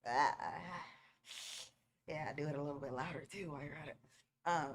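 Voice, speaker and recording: A woman's voice: deep voice, normal speed, pauses often. A woman streamer giving casual reaction commentary while watching a movie, playful and teasing and picking at small details.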